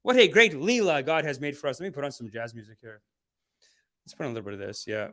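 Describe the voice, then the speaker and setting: A man's voice: mid-range voice, expressive, fast, pushed and bright. A man hosting a podcast, rambling, profane and mocking in loose commentary. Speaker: podcast host.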